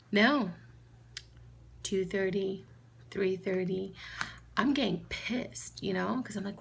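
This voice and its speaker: A woman with a New York accent, vlogging and telling a story in a chatty, animated way, quoting herself in a raised voice. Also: medium pitch, moderate pace, gravelly, a little hiss or hum. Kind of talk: casual storytelling vlog.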